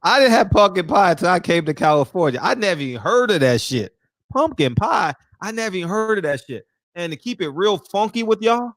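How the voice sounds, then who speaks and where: A man from the American South chats with his stream in a casual, profane and loud way, breaking into laughter often. His voice sits a bit high for a man and leaps around in pitch. The sound is dry, with no room echo. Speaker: livestream host chatting with viewers. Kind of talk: casual livestream chat.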